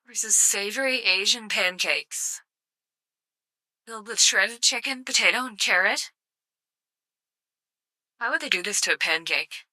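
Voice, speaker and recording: A woman's voice: mid-range voice, measured pace, long pauses, pushed and bright, dry recording. A woman live-streaming casual commentary, sarcastic and swearing freely with mock outrage.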